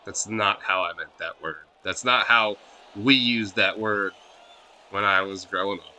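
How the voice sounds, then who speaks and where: A man's voice: low voice, a little slow, bright, forceful tone. A man streaming a video game live, ranting casually and swearing a lot in a scornful tone.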